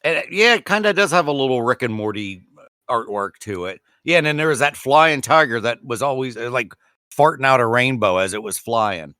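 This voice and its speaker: A man's voice: medium pitch, animated, pushed and bright, smooth, no room sound, clean studio sound. A young man co-hosting a podcast, chatting easily and laughing along. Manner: easygoing, chatty, quick to laugh. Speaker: podcast co-host. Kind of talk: casual chat.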